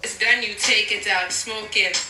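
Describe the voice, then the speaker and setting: A young woman playing a teen cooking-show host in a put-on Jamaican accent, with a sing-song voice and drawn-out phrases. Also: medium pitch, steady tone, sharp tone. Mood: playful. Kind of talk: homemade cooking show narration. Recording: echoey room, far from the camera mic, music behind.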